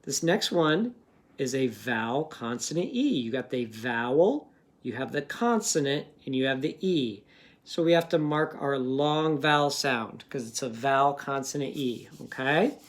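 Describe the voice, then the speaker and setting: Give me a patient male teacher slowly sounding out words in a phonics lesson for young children. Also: mid-range voice, lively intonation. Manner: slow, patient, sounding out words and asking questions.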